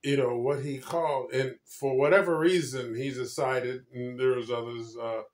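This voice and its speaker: A man's voice: mid-range voice, steady tone, moderate pace. A man hosting a casual political chat, blunt and prodding, repeating his points. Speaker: podcast host. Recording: echoey room.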